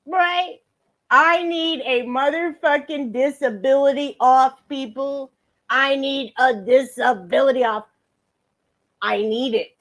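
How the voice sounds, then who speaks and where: A woman's voice: high-pitched, slow, a bit bright. A woman streaming live, commenting on a clip with sarcastic, giggly and profane remarks. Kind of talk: casual livestream commentary.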